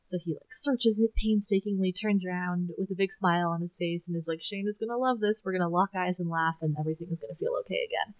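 A woman co-hosting a podcast, recapping a story in animated casual chat, acting out quotes and laughing. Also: fairly low pitch, fast talker, hardly any pauses, dry recording, low-quality recording. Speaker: podcast co-host.

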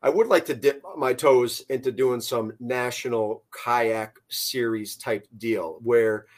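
A man's voice: mid-range voice, fairly even intonation, takes it slowly. A man who founded a fishing tournament trail, chatting casually on a podcast in a rambling way. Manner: rambling, many fillers and restarts.

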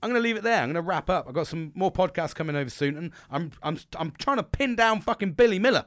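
A man's voice: high voice, expressive, quick pace, fairly bright tone, no room sound, studio quality. A man hosting a podcast, telling a rambling, sweary story in a casual monologue. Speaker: podcast host.

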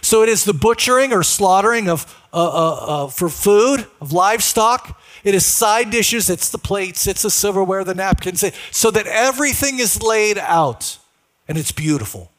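A man's voice: high-pitched, expressive, normal speed, a bit bright. A male pastor preaching a sermon in a conversational way, often putting questions to the congregation.

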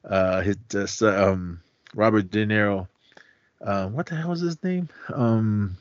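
A man's voice: lowish voice, a little slow, dry recording. Guy on a podcast recapping a movie, acts out the scenes, dry dull lo-fi sound. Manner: animated retelling, acting out scenes. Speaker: podcast co-host. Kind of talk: casual movie recap chat.

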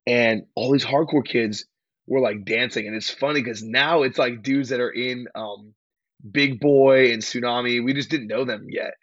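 A young man, a hardcore band singer from California, telling stories in a rambling, slangy, excitable way as a podcast guest. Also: medium pitch, husky, no echo, lo-fi sound. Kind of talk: casual interview chat.

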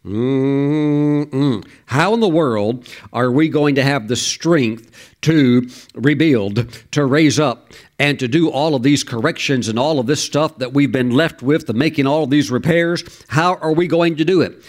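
A man preaching a sermon, reading scripture and acting out the voices of the listeners in animated asides. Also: mid-range voice, unhurried.

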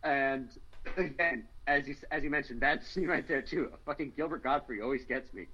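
A man with a bright, forceful tone talks easily about films. He speaks at a middling pitch and agrees often. His talk is full of casual fillers. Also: normal speed, dull audio. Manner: relaxed, agreeable, filler-heavy. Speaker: podcast co-host. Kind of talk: casual chat about movies.

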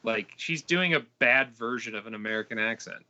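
A man with a bright, forceful voice argues his point in a podcast about movies. He sounds emphatic and exasperated. The recording is a bit lo-fi. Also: mid-range voice, animated, fairly quick, vocal fry. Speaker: podcast co-host. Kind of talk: casual movie review chat.

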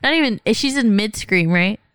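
A young adult woman in casual chat who laughs often and tells stories quickly and with animation. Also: medium pitch, lively intonation, a bit bright, clear, resonant tone, no room sound.

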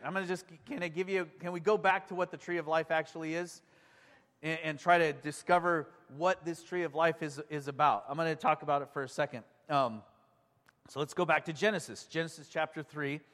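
Male pastor, sermon, high voice, eager and chatty with the congregation, long hall reverb. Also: fairly bright tone. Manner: enthusiastic, conversational, asks the congregation questions.

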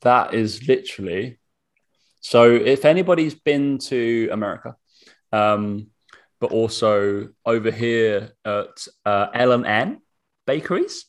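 A man's voice: mid-range voice, slow pace. A young man in a casual chat who laughs often and reads out product labels. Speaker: co-host.

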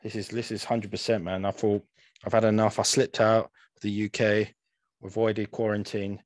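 A man's voice: lowish voice, little pitch movement, normal speed, dry recording, clean studio sound. A young man co-hosting a gaming podcast in easygoing, sweary casual chat, peppering his talk with "man.". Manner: laid-back, sweary, says "man" a lot. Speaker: podcast co-host. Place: home room, green-screen beach backdrop.

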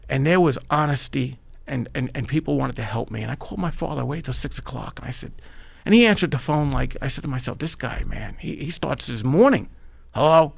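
A middle-aged man from New York with a New York accent, a podcast guest telling his life story in an animated, emphatic way. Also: medium pitch, fairly quick, creaky, no echo. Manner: animated, emphatic, addresses the host by name. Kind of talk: storytelling in a conversational interview.

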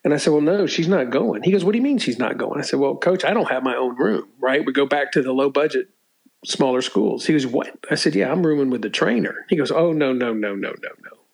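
An older man tells stories in a casual interview, restarting often, clearing his throat and laughing at his own tales. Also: fairly high pitch, animated, brisk, rough recording. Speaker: former college sports media relations staffer, guest.

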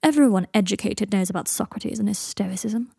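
A woman's voice: medium pitch, brisk, gravelly, mellow, breathy edge, dry recording. A woman voicing a sickly posh young drawler. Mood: dry. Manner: drawling, dry humor. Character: sick, sardonic, posh young man.

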